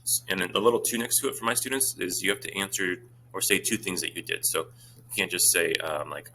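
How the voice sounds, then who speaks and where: A man, a Spanish teacher talking his students through exam questions in a brisk, informal way with many fillers. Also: low voice, steady tone, sharp tone, a little hiss or hum.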